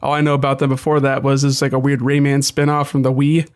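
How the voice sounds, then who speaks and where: A man's voice: mid-range voice, monotone, fast talker, clear, resonant tone. A young man talking games on a podcast, his voice sitting in an ordinary middle register. He rambles casually and often circles back to restart a thought. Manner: rambling, many restarts and asides. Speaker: podcast co-host. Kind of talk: casual chat.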